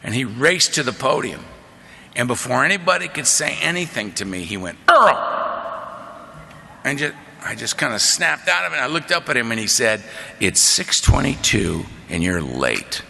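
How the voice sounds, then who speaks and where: A man telling his story from a podium in a big convention hall, his voice bright and edged with a gravelly fry. His delivery is animated and conversational, and a long reverb trails behind his words. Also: mid-range voice, brisk. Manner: animated, conversational, drawling asides of "man" and "right?". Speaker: AA convention speaker. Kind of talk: storytelling recovery talk.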